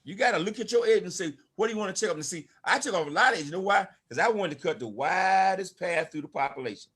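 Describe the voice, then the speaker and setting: Speaking quickly in a high, husky, expressive voice with a fairly bright tone, an older man preaches motivation to people online. He works as a network marketing speaker, and his delivery is emphatic and preachy, with direct calls to the audience.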